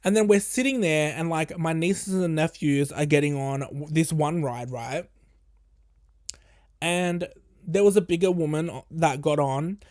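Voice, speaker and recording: High-voiced man telling a profane story. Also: a little slow, no room sound, clean studio sound. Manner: animated, profane, acts out quoted people. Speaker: podcast host. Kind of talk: casual storytelling monologue.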